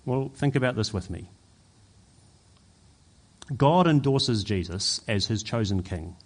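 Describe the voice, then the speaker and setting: A man's voice: fairly low pitch, expressive, takes it slowly. Emphatic male pastor preaching a sermon. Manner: emphatic, rising to forceful peaks.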